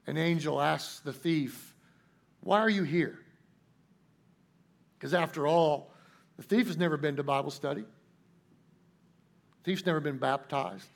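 A man preaching a sermon in a folksy, emphatic way, slowing down to stress key points. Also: fairly high pitch, creaky. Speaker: pastor.

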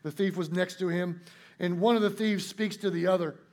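Man preaching, folksy and emphatic, high voice, gravelly fry, slows down to stress points. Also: steady tone, a little mellow. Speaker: pastor. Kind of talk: sermon.

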